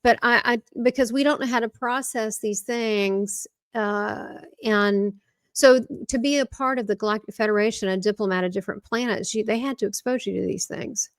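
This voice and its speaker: A woman's voice: a little high, fairly even intonation, moderate pace, dry recording, studio quality. A woman being interviewed as a spiritual medium, talking animatedly and often breaking off and restarting her sentences. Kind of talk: casual interview chat.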